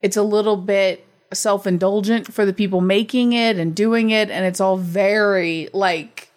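A woman's voice: mid-range voice, fairly even intonation, measured pace. A woman co-hosting a casual movie review, dry and teasing with wry asides. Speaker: podcast co-host.

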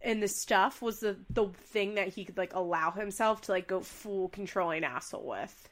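Recapping a reality show in casual conversation, this young female podcast co-host throws big voices into the lines she quotes. She has a mid-range, somewhat bright voice and speaks at a moderate pace.

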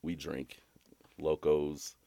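Young man, very low voice, loose sweary storyteller, dry close mic. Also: very slow, no room sound. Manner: rambling, animated, swears a lot, jumps to a high voice when quoting himself. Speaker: podcast co-host. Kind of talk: casual storytelling chat.

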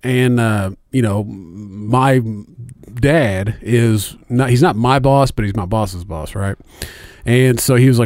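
A man's voice: on the low side, unhurried, darkish tone, no room sound, clean studio sound. Rambling, profane middle-aged man. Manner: rambling storyteller, heavy swearing, many fillers. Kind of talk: casual chat.

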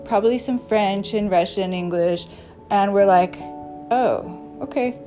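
A woman's voice: mid-range voice, normal speed, warm tone, faint music behind. A woman hosting an episode, telling rambling stories in a chatty, casual way and chuckling now and then. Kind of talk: casual storytelling.

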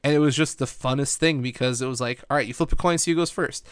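A man's voice: mid-range voice, fast talker, clear, resonant tone, dry recording, studio quality. A man hosting a podcast, recapping a tournament in a casual, enthusiastic, rambling way with lots of "like" and laughter. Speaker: podcast host.

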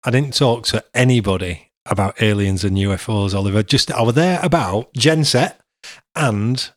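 A man's voice: lowish voice, moderate pace, no echo, studio quality. Chatty man. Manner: chatty, laughs often, banters. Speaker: podcast host. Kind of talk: casual chat with his son.

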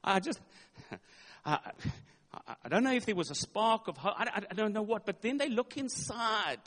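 A man's voice: sits high, lively intonation, normal speed, a bit bright. A male pastor preaching a sermon, retelling a story dramatically with emphatic, repeated words. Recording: long hall reverb.

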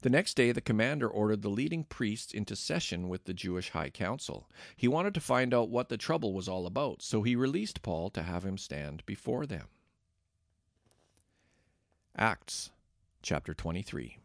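A man reading scripture in a steady, measured narration. His voice has a gravelly texture, recorded close and dry. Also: on the low side, dry recording. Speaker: scripture reader.

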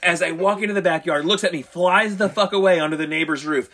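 A man's voice: high voice, fast, a bit bright, slight background noise. A middle-aged man telling stories in casual banter, swearing constantly and acting out his own reactions.

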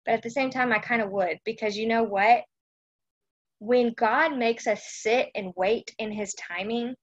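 A woman's voice: mid-range voice, breathy edge, dull audio. A woman from Texas, hosting a casual devotional live stream chat and often checking in with her listeners. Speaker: host of a faith chat.

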